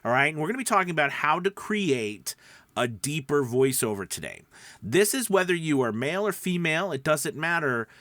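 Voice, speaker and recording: A man hosting a show for new voiceover artists, teaching in an energetic, chatty way with frequent fillers. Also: a little high, brisk, no room sound. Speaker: voiceover coach. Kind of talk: upbeat teaching monologue.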